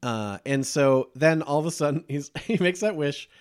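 A man's voice: fairly high pitch, expressive, normal speed, clean tone. A man hosting a podcast, chatting casually about horror movies and laughing often as he retells scenes. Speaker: podcast host. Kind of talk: casual movie review chat.

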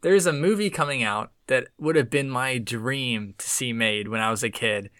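A man in his thirties co-hosting a podcast, chatting casually and excitably, swearing and calling everyone dude. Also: mid-range voice, moderate pace, dry recording, studio quality. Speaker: podcast co-host. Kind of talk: casual chat.

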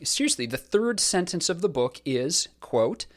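A man hosting a casual podcast discussion, talking in a sardonic, profane and lively way. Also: fairly high pitch, measured pace, hardly any pauses. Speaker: podcast host.

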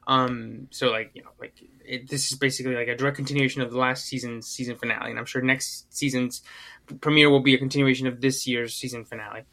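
A male podcast co-host talks through a casual chat at his own loose pace. His voice sounds bright and forward. He rambles, circling back with fillers and restarted sentences. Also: mid-range voice, flat delivery, quick pace.

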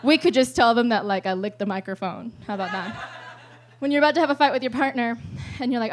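High-voiced woman telling a rambling comic story. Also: quick pace. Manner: rambling, profane, laughs often. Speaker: storyteller at a live show.

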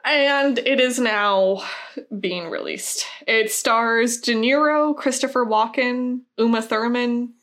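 A woman's voice: fairly high pitch, slow pace, fairly bright tone. A woman co-hosting a casual podcast, giggly and hesitant as she reads out movie news. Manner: giggly, self-conscious, often laughing and hesitating with ums. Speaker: podcast co-host.

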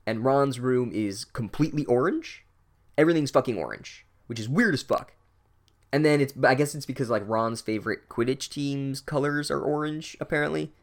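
A man's voice: mid-range voice, moderate pace. Man doing a sardonic book recap, casual and crude, heavy on filler words. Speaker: book reviewer. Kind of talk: sarcastic chapter recap.

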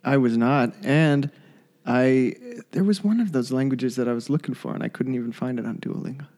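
A man of middle pitch trades jokes in a relaxed co-host chat. His remarks come out wry and teasing. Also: a little fast. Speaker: podcast co-host. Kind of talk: casual chat.

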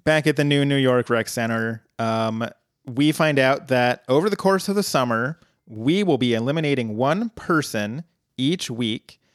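A man co-hosting a podcast, recapping an episode in casual chat with dry, deadpan jokes. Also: mid-range voice, a little slow, dry recording. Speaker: podcast co-host.

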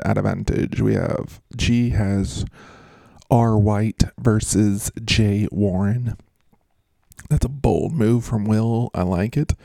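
A man talks through fantasy football matchups in a casual, joking, rambling way, mocking himself as he goes. His voice is low and gravelly with a dark, mellow tone. The sound is dry and close. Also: dry recording.

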